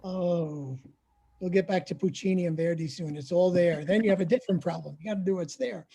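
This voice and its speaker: A man hosting an interview, asking questions in a relaxed, conversational way. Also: sits high, a little fast, creaky, breathy edge. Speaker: interviewer, opera company director.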